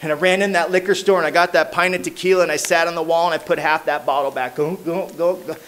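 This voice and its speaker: Speaking fast with fairly even intonation overall, this AA meeting speaker shares his recovery story in a Southern Californian accent and street slang, peppered with "man" and "you know what I mean." When he acts out other people's voices, his pitch and volume leap dramatically.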